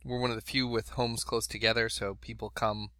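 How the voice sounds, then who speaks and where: A middle-aged man chatting casually as a podcast co-host, retelling things in an animated way with laughing asides. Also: on the low side, brisk, no room sound, studio quality. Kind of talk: casual chat.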